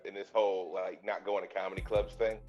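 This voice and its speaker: A man hosting a podcast, chatting in a relaxed way with a friend and cracking dry jokes. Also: low-pitched, fast talker, highs cut off, faint music behind. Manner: laid-back, dry jokes. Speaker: podcast host and comedian. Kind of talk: casual podcast chat.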